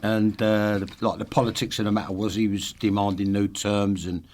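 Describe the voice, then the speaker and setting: A man's voice: on the low side, level tone, brisk, darkish tone. A middle-aged man from East London with a London accent, a podcast guest telling blunt, sweary stories with frequent laughter. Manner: blunt, sweary storyteller who laughs a lot. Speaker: podcast guest, former football manager. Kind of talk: casual chat.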